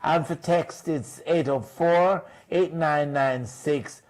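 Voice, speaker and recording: A middle-aged Jamaican man hosts a fundraising stream in a slow, unhurried way, often laughing and sliding into patois. His voice sits a bit high for a man. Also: a little mellow. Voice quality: joking, laughing, switches into patois. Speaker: telethon host. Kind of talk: casual chat.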